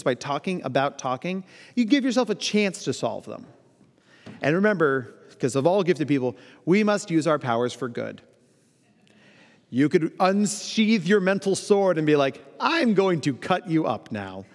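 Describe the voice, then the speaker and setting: Animated man speaking in a reverberant hall. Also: on the high side, normal speed. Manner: animated, playful, acts out quoted voices. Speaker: keynote speaker. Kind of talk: conference talk. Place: large conference hall.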